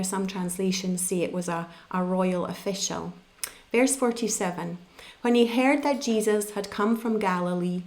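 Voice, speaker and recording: A woman's voice: medium pitch, darkish tone. Woman preaching a conversational sermon. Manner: conversational, explanatory Bible teaching.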